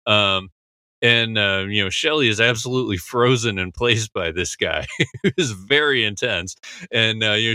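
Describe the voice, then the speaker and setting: A man's voice: mid-range voice, pushed and bright, smooth, no echo. A man hosting a podcast who talks in a casual, rambling way, full of fillers like "you know" and "like.". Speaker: podcast host. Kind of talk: casual podcast episode discussion.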